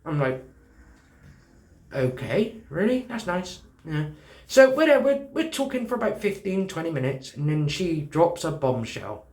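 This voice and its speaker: Animated British man in an echoey room. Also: fairly high pitch, normal speed. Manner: animated, swearing, acts out dialogue. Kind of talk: casual storytelling.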